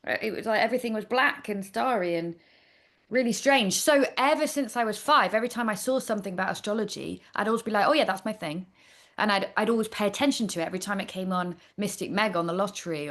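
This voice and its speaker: A woman's voice: mid-range voice, fast talker, a bit bright. A woman, a chatty guest telling stories in a casual interview. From Nottingham, England. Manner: chatty storyteller, trailing off. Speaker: astrologer guest.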